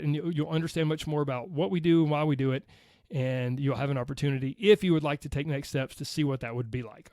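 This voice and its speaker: A man's voice: on the high side, dry recording, studio quality. Upbeat Southern man hosting a podcast. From United States. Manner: upbeat, chatty, addresses listeners as "guys". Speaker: podcast host. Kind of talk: solo podcast monologue.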